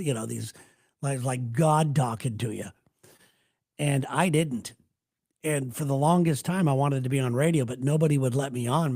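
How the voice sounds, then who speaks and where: A man's voice: mid-range voice, creaky, a little mellow, husky. Middle-aged guy radio host just talking off the cuff, rambly and self-deprecating, answers chat comments, plain mid voice. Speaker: radio host doing a live chat show.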